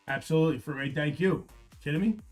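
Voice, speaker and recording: On his live card-break stream, a middle-aged host chats with viewers by name, tells stories and swears freely in a blunt, casual way. His voice is fairly high and a little mellow, at a moderate pace, with soft music in the background.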